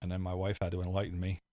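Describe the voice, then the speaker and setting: Low-voiced rambling middle-aged man. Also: monotone, fast, a little mellow, no echo. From United States. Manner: laughs often, swears freely, rambling. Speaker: livestream host reading chat. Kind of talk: casual chat.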